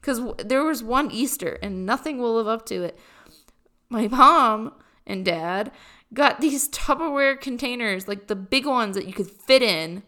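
A woman's voice: a little high, a bit bright. A young woman in college chatting casually to camera, rambling and joking at her own expense with many fillers. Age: young adult. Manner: rambling, self-deprecating, lots of fillers. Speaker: college student vlogger. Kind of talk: casual chat.

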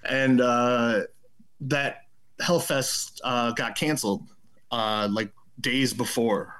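A man's voice: mid-range voice, fairly even intonation, slow, a bit bright. A man, a podcast guest who runs a tape label, telling a story in loose, rambling casual chat full of fillers.

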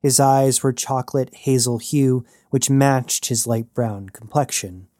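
A man narrating a science fiction story in an even storytelling read. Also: medium pitch, normal speed, few pauses, no room sound, clean studio sound. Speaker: audiobook narrator. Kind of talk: scripted narration.

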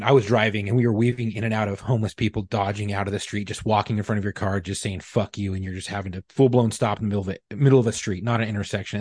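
A man on a podcast, telling a profane, animated story in casual chat. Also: fairly low pitch, slightly rough, no echo, clean studio sound. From California. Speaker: podcast co-host.

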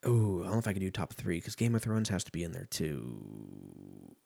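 A man's voice: low voice, moderate pace, creaky, dark tone, husky. A man in his thirties, hosting a casual podcast and rambling in a profane, joking way. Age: 30s.

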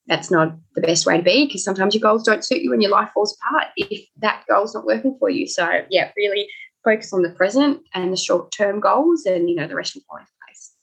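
A woman chats as a guest on a podcast, rambling a little and slipping into lively quoted voices. Her voice is gravelly with a husky edge. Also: mid-range voice, brisk, poor audio. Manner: chatty, rambling, quotes people in raised voices. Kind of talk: casual interview chat.

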